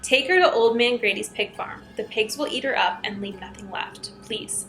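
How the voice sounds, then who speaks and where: A woman's voice: a little high, moderate pace, fairly bright tone, echoey room, faint music behind, close to an everyday voice. A woman voicing a panicked young man who is pleading for help.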